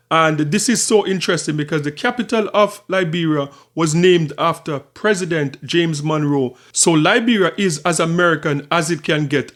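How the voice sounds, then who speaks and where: A man's voice: on the high side, fairly bright tone. A man hosting his own channel, talking through his thoughts in casual commentary and often repeating and restarting phrases. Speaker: channel host.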